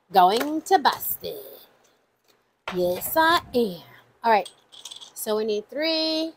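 A woman's voice: high-pitched, fairly bright tone, slight background noise, low-quality recording. A woman hosting a casual budgeting vlog, chatting to viewers, counting numbers aloud and exclaiming often. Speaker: budgeting channel host. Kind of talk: casual savings-challenge vlog.

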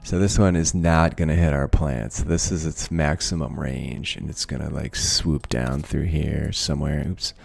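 A man's voice: a bass voice, steady tone, normal speed, gravelly, few pauses, darkish tone, slightly rough, soft background music. A man giving casual let's-play commentary, thinking aloud, swearing freely and laughing often. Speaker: gaming video creator.

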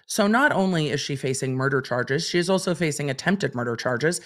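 A woman's voice: sits low, animated, a little fast. A woman hosting a livestream, reading court documents aloud and commenting on them in a chatty, wry way. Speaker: legal commentator host.

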